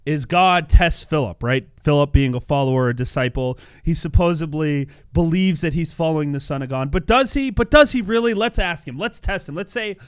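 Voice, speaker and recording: A YouTuber narrates a gameplay video with casual, earnest devotional commentary, his voice slightly high for a man but clear and resonant. He talks at a moderate pace with few pauses, often repeating words in his lively delivery, and the recording is dry with no room sound.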